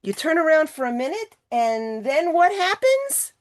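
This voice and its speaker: A woman presenting a motivational talk to a virtual retreat, animated and coaxing her listeners with questions, speaking over a video call. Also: sits high, unhurried.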